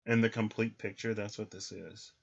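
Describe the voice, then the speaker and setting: On a livestream, a tarot reader speaks casually in a lowish voice with vocal fry, fairly even intonation and a moderate pace. He fills his thinking aloud with ums, while slight background noise and lo-fi audio leave it somewhat muffled.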